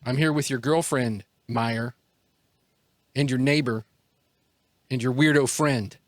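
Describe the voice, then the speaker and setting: A man's voice: mid-range voice, slow, no echo, close to an everyday voice. Man playing an urgent, anxious young guy, dry sound, tabletop game. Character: worried young man on a radio.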